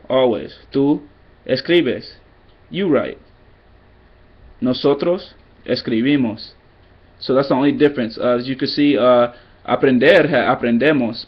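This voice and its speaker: A man's voice: mid-range voice, muffled recording. A man giving a loose, rambling vlog lesson, mixing in Spanish phrases and poking fun at himself. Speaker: vlogger teaching Spanish.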